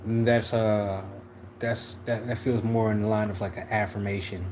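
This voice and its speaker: A man's voice: fairly low pitch, flat delivery, moderate pace, darkish tone, slight background noise. A man from Philadelphia hosting a casual livestream tarot reading, laid-back and slangy, often checking in with "you know what I'm saying". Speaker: tarot reader, livestream host.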